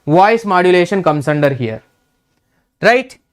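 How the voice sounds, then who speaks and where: A man's voice: sits high, big pitch swings, a little slow, clean tone. A man teaching an exam revision lecture in Indian English, repeating key terms and checking in with "right?".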